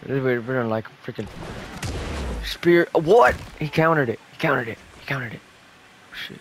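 Young man, gaming commentary, excitable, cussing, average pitch, faint hiss behind. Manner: excitable, swears, shouts at sudden plays. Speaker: gaming YouTuber. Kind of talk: live gameplay commentary.

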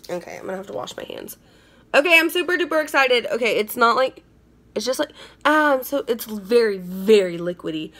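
A woman's voice: medium pitch, expressive, unhurried, long pauses, a bit bright, slight background noise. A young woman chatting casually while unboxing beauty products at home, bubbly and gushing, often repeating herself. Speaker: beauty vlogger. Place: indoors at home.

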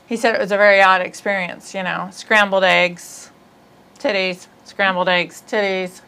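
A woman hosting a podcast in casual comedic chat, rambling, giggly and quick to poke fun at herself. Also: mid-range voice, steady tone, pushed and bright, clear, resonant tone, rough recording. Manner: rambling, giggly, self-deprecating. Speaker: podcast host.

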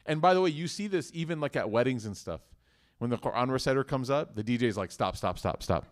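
Teaching a religious class, a man speaks casually and conversationally, asking his students questions as the interactive lecture goes on. His voice is medium-pitched and quick.

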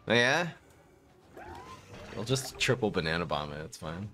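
A man commentating his live-streamed card game, excitable and laughing often as he talks to his chat. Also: fairly low pitch, creaky.

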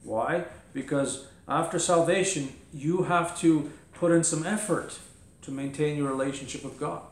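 A man's voice: on the high side, steady tone, measured pace, reverberant. A man preaching a sermon as pastor, emphatic, firing rhetorical questions and voicing mock objections. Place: church.

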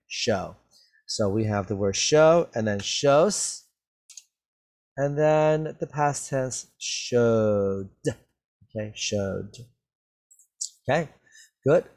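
Male teacher for a slow vocabulary drill, middle pitch, very deliberate delivery, repeats each word clearly. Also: darkish tone. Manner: very slow, carefully enunciated, repeats words for learners. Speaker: English teacher. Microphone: wears a mask while talking.

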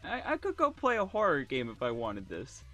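A man's voice: mid-range voice, huge pitch swings, normal speed, sharp tone. A man streaming a horror game, shrieking in panic with nervous laughter. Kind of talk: horror game let's play. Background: game music.

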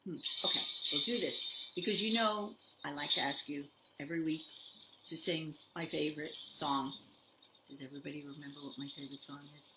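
An older woman leading a toddler story time, talking straight to small children in an animated, sing-song way. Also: low voice, a little fast, very noisy. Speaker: children's librarian.

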